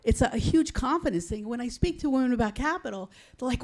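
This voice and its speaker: A woman's voice: on the high side, fast talker, hardly any pauses, a little mellow. Enthusiastic woman investor in the audience. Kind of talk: audience question at a conference.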